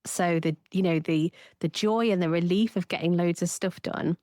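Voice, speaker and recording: A woman, a therapist co-hosting a casual podcast chat and lively acting out her own inner voice. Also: fairly low pitch, moderate pace, no echo, studio quality.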